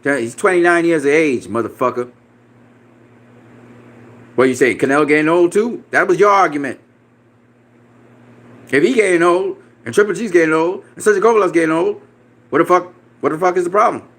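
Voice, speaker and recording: A man's voice: a little high, fairly quick, long pauses, fairly bright tone. A man ranting about boxing in a reaction video, profane, combative and dismissive, repeating himself and laughing mockingly. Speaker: boxing commentator.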